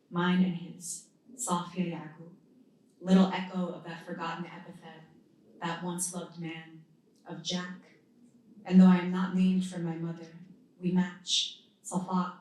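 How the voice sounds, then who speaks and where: Low, even-voiced woman reading poetry. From United States. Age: 30s. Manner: measured, deliberate phrasing with pauses between lines. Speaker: poet reading her own work. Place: indoor literary event venue. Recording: very echoey room, voice from a distance.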